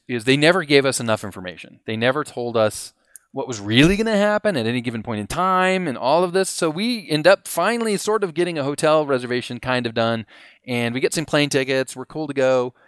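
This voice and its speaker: Smooth-voiced man telling a story. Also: mid-range voice, fairly quick, dry recording, studio quality. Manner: animated, acts out quotes, laughs mid-story. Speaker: podcast guest telling a story. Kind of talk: casual storytelling.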